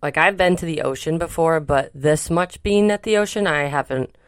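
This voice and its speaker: A woman's voice: sits low, moderate pace, dry recording, clean studio sound. A woman co-hosting a podcast, telling a travel story in a chatty, rambling way with many fillers. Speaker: podcast co-host. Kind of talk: casual chat.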